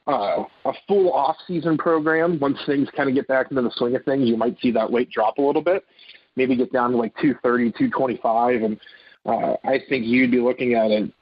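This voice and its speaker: Husky-voiced man talking college football. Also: medium pitch, steady tone, a little fast, muffled recording. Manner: rambling, hedging with "I think". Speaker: guest football analyst. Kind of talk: casual sports talk.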